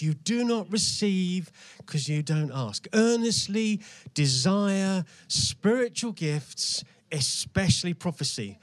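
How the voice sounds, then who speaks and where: A man's voice: on the high side, dry recording. A man preaching and leading prayer in an earnest, urging manner, his emphasis rising and falling. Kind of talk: sermon with prayer.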